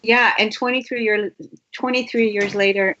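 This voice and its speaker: A woman's voice: mid-range voice, fairly even intonation, normal speed, muffled recording, a crowd in the background. A woman hosting a talk show, reading a glowing introduction and chatting in an emphatic, gushing way. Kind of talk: warm interview introduction.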